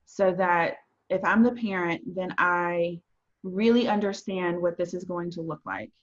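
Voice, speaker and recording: A woman's voice: fairly low pitch, steady tone, measured pace. A woman hosting an interview and asking upbeat, conversational questions with casual fillers. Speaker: host, therapist. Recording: dull lo-fi audio.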